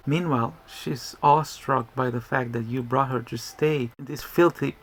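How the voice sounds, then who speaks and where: A man's voice: medium pitch, normal speed, vocal fry, few pauses, fairly bright tone, slightly rough. A man chatting casually as he reacts to a movie, rambling and joking with frequent restarts. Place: indoors at home.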